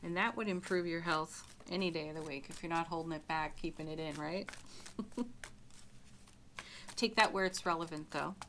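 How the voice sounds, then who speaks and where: A woman giving a spiritual tarot reading to her viewers, speaking gently and often breaking into soft little laughs. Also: low-pitched, normal speed, pauses often, background noise. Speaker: tarot reader.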